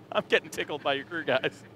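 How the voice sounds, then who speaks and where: A male reporter with a high-leaning, fairly bright voice roves a race garage, introducing drivers at a normal speed. His live commentary is chatty and jokey, punctuated by frequent laughter over noisy garage sounds.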